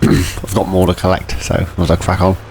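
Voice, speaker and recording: A man giving casual, rambling commentary over a farming game, often clearing his throat. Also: low voice, completely flat delivery, normal speed, darkish tone, a little hiss or hum. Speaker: gameplay commentator.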